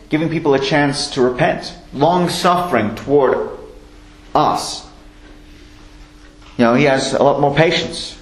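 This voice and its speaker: A man preaching a sermon, reading scripture slowly and then explaining it in a chatty way. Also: medium pitch, echoey room, rough recording.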